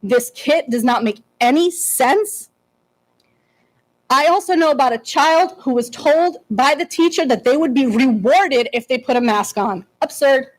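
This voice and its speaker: A woman speaking as a parent in public comment at a board meeting, emotional and indignant, with halting restarts and no written speech. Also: high voice, poor audio.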